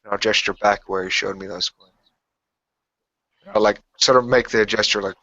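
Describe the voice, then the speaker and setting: A man playing in a tabletop game, describing his moves in casual, halting speech. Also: lowish voice, fairly even intonation, pushed and bright. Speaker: player. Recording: dull, dry sound.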